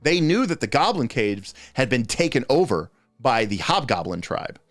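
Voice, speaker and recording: A man's voice: mid-range voice, sing-song, normal speed, no echo, soft background music. A man hosting a livestream, talking casually in a rambling, chatty way that often breaks off mid-thought. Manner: rambling, chatty, self-interrupting. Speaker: host answering game master questions.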